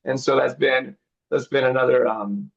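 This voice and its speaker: A man's voice: medium pitch, steady tone, moderate pace, creaky, lo-fi sound. A middle-aged man, a missionary director, chatting easygoingly in an interview over a video call. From grew up abroad as a missionary kid. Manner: easygoing, chuckles often.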